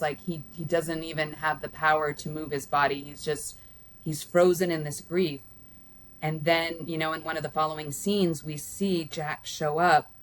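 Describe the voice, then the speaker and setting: Woman discussing a movie in a relaxed home chat, low-pitched, meandering delivery. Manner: rambling, many restarts and fillers, warm laughs. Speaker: guest, host's mother. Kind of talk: casual film review chat.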